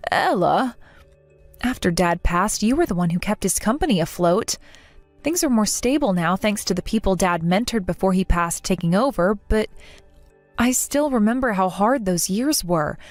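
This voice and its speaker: A woman voicing a gentle middle-aged mother who talks in a soothing, reassuring way. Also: medium pitch, animated, normal speed, no echo, soft background music, lightly acted. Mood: tender.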